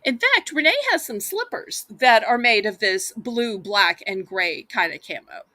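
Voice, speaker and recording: A woman's voice: mid-range voice, very animated, a little slow, sharp tone, no room sound. A woman with a Southern US accent hosting a live online auction, chatting in a folksy way and talking straight to her viewers. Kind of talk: live-stream auction selling.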